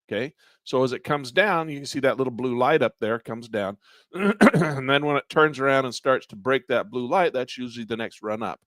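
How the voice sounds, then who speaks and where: Man, trading instructor, live online class, step-by-step explanation, losing his voice, frequent throat clearing, mid-range pitch. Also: a bit bright, dry recording. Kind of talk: live online class walking through charting software.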